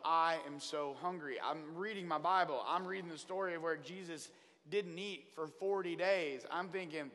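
Male preacher, comic testimony storyteller, bright and pushy tone, big reverberant church sound. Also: fairly high pitch, moderate pace. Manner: animated storytelling, acts out his own prayers. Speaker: traveling children's minister. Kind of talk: comedic testimony sermon. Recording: long hall reverb.

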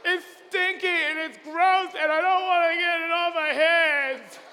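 A man voicing a whiny child who loudly complains about doing chores. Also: extremely high pitch, steady tone, unhurried, in a large hall, slight background noise, pitched above the performer's own voice, exaggerated voice. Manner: whining, complaining, shouting.

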